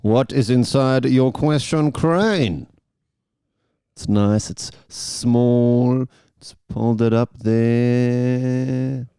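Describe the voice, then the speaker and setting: A man co-hosts a podcast in loose, joking banter, laughing often. His voice sits at a middle pitch with a gravelly fry, close and dry on the mic. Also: steady tone, extremely slow, mellow, dry recording. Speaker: podcast co-host. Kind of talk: casual banter.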